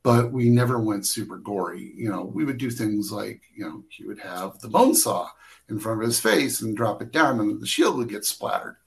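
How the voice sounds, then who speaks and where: A man's voice: lowish voice, animated, moderate pace, gravelly, a little hiss or hum, poor audio. A man who works as a camera operator, telling behind-the-scenes stories in a casual interview, rambling with many restarts and fillers.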